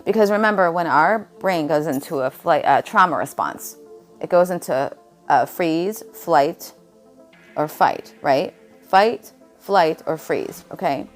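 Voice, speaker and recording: A woman's voice: low voice, takes it slowly, soft background music. A woman vlogger talking in a blunt, rambling monologue, jumping from topic to topic. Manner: blunt, jumps between topics.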